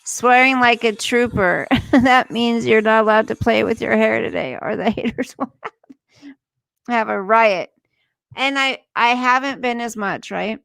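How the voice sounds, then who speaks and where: A woman's voice: on the high side, a little slow, gravelly, a bit bright, smooth, dry recording. A woman hosting a casual livestream, ranting indignantly, swearing, and reading news aloud to her viewers. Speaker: livestream host.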